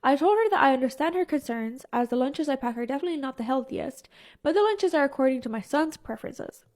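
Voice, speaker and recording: A woman narrating posted stories in an even, steady reading voice. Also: high voice, quick pace. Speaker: story narrator.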